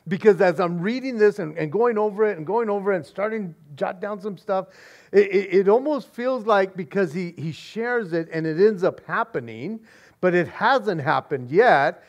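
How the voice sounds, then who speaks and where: High-voiced excitable pastor. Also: male voice. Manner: excited, repeats words, says "man" a lot. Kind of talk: expository sermon.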